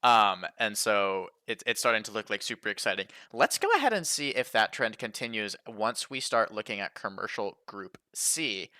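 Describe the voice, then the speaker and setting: A man's voice: on the low side, lively intonation, moderate pace, hardly any pauses, sharp tone, dry recording, clean studio sound. A man hosting a casual esports panel, steering the talk along and laughing easily with guests. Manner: easygoing, guiding the talk, laughs often. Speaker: host moderating the panel.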